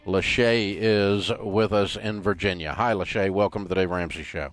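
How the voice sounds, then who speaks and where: A man co-hosting a call-in radio show, talking briskly and forcefully and repeating himself to press a point. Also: low voice, fairly even intonation, faint music behind.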